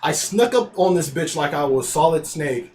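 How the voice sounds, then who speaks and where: A man's voice: fairly high pitch, lively intonation, normal speed, darkish tone, a little hiss or hum. A young man hosting a podcast, rambling through a school story in a loose, swear-heavy casual chat. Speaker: podcast host.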